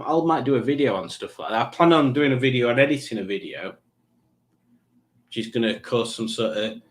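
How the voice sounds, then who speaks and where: A man's voice: mid-range voice, fairly bright tone. A middle-aged British man hosting a live chat stream, rambling, self-mocking and easily sidetracked. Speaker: livestream host.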